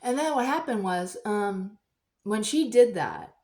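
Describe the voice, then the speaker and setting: A woman vlogger telling a personal story in a chatty, rambling way, breaking into loud excited bursts. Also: medium pitch, measured pace.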